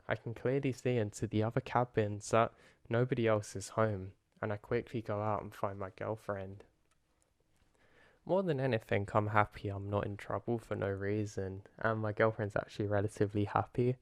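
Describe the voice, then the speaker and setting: A man calmly narrating a first-person horror story in a low-key way. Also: moderate pace, dry recording, studio quality. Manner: calm, low-key retelling.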